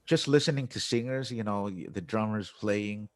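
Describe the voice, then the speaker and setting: A man's voice: fairly low pitch, moderate pace. A man who is an English teacher and musician, explaining his method in a conversational interview and acting out classroom phrases as he goes.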